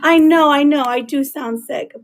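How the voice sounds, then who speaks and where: A woman with a hoarse, laryngitis-worn voice, chatting casually with viewers as she hosts a live tarot reading. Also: sits high, moderate pace, soft background music. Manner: chatty, greets viewers by name, laughs often. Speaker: tarot reader hosting a livestream. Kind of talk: casual livestream chat.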